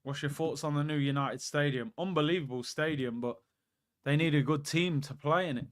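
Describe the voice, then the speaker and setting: A young man hosting a live football watchalong, chatting excitably, reacting to the match and answering viewer questions. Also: fairly high pitch, a little fast.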